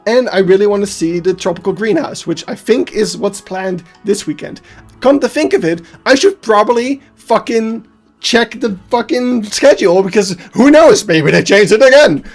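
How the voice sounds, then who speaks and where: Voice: medium pitch, lively intonation, normal speed. A streamer, chatting casually on a live stream and ranting heatedly with plenty of swearing, laughing at themself. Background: faint background music.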